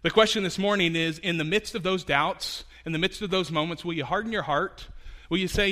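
A man preaches a sermon with a bright, ringing voice, pitched a little high for a man. He talks conversationally, with fillers and restarts, and leans into his points with lively emphasis. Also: a little fast. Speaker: pastor.

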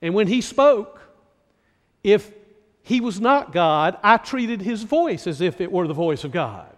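A male pastor from North Carolina delivers a sermon at an unhurried, measured pace. His voice sits high for a man, and he leans on rhetorical questions to draw the listener in. A long reverb trails each phrase, as in a large hall. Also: very animated. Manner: slow, deliberate preaching with many rhetorical questions.

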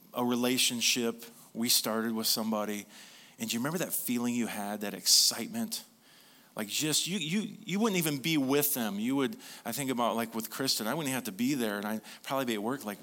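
A man preaching a sermon, conversational and animated, who drops soft and low for emphasis. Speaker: pastor.

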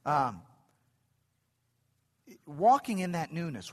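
A middle-aged man delivers a sermon in an animated way, repeating phrases as he builds toward excited high points. His voice sits a little high for a man. It rings out with long reverb through a church sanctuary. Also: slow pace, long pauses. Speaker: preacher.

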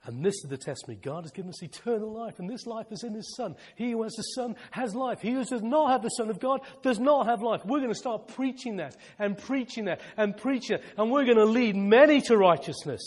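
A male preacher delivering a fervent sermon, repeating phrases for emphasis and sometimes shouting with excitement. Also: high-pitched, fairly quick, hardly any pauses, in a large hall.

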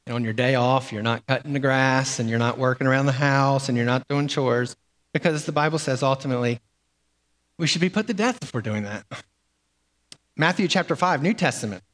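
A man's voice: medium pitch, brisk, fairly bright tone. Man preaching in an echoing hall. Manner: conversational, with fillers and repeated words. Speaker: pastor. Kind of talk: sermon.

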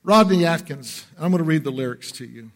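A man's voice: a little high, expressive, brisk. A man preaching a sermon to his congregation, earnest and rising in intensity, often asking the crowd questions and waiting for answers. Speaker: pastor. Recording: long reverb of a large hall.

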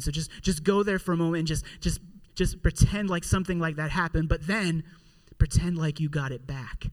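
A man in his thirties telling a casual personal story in a talk about gratitude. He is chatty, fills his speech with "like" and drops quieter for wry asides. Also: on the high side, a little fast. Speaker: father giving a motivational talk.

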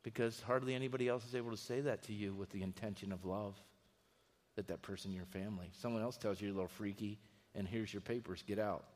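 A middle-aged man preaching a sermon as a pastor, telling stories in a lively, conversational way. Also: on the low side, fast talker. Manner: storytelling, animated and conversational. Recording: reverberant hall.

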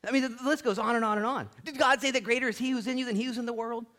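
A man's voice: extremely high pitch, fairly even intonation, rapid-fire, bright, forceful tone. A middle-aged male pastor preaching a conversational sermon, acting out little dialogues along the way.

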